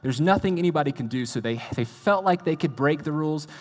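A fast-talking American pastor with a fairly high voice and lively intonation preaches a conversational sermon. He throws rhetorical questions at the audience and makes self-mocking asides, all echoing with a large hall's long reverb.

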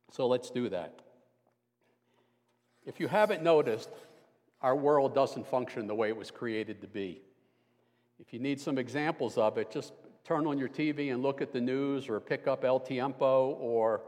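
Older guy filling in for the pastor, easygoing sermon with dry jokes, mid-pitched voice ringing out in a big church. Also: darkish tone. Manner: dry self-deprecating humor, conversational. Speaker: guest preacher. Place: church sanctuary. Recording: long hall reverb.

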